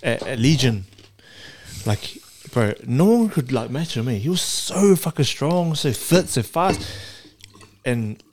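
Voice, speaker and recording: A man's voice: mid-range voice, sing-song, takes it slowly, darkish tone, slight background noise. A man hosting a casual podcast chat with friends at home, loose and swearing, laughing between lines. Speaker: podcast host. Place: home, drinking at night.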